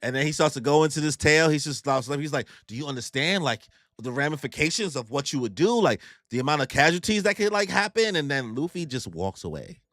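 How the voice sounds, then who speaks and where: A young man with a slightly high, very lively voice recaps a manga chapter in loose slang. He bounces between his own commentary and quick acted-out lines for the characters. The sound is dry and close, with no room around it. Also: no room sound. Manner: animated slang-heavy storytelling, acting out character quotes. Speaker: YouTube manga reactor. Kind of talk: casual manga recap and reaction.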